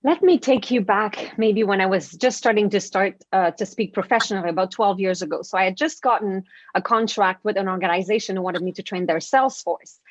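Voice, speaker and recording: Guest coach, woman, animated storyteller, muffled lo-fi line, dry. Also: mid-range voice, a little fast, no echo. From French-speaking. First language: French. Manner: lively storytelling, acts out inner voices. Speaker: guest, confidence coach and author. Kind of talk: radio interview.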